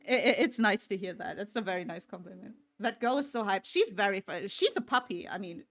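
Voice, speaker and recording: A woman's voice: medium pitch, lively intonation, a little fast, fairly bright tone. A woman streamer chatting casually with her viewers, swearing freely and laughing often. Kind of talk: casual chat.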